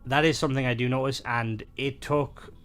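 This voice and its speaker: Man, streamer, rambling casual commentary, bright forceful voice, faint music behind. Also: medium pitch, fairly even intonation, moderate pace, clear, resonant tone. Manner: rambling, many filler words.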